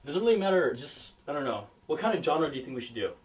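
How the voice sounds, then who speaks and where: High-voiced rambling young man. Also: very animated, fast talker. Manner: rambling, full of "like". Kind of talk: comic improvised storytelling. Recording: distant mic with guitar music.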